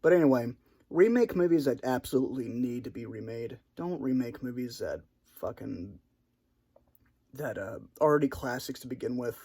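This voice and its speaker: A man's voice: mid-range voice, expressive, moderate pace, mellow, husky. A man talking in an unscripted solo monologue for his channel, hesitant and rambling with many restarts, self-conscious about his awkwardness. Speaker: video creator.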